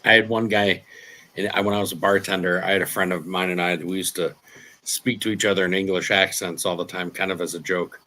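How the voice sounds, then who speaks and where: A man chatting casually with a friend, telling easygoing stories and laughing softly. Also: sits low, fairly even intonation, fairly quick. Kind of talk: casual chat.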